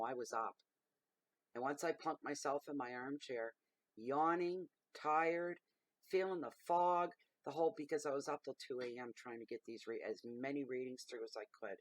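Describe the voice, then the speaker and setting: A woman's voice: rumbling low, normal speed. This is a middle-aged woman hosting her own tarot channel and airing a grievance straight to camera. She talks bluntly and heatedly, swearing without hesitation. The sound is dry and close, with no room echo. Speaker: tarot reader and channel host. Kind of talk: ranting to camera.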